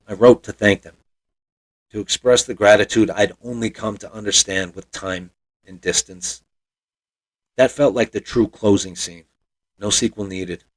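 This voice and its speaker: A man in his forties from Montana, telling a personal story as a podcast host in a reflective, wry, self-deprecating way. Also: lowish voice.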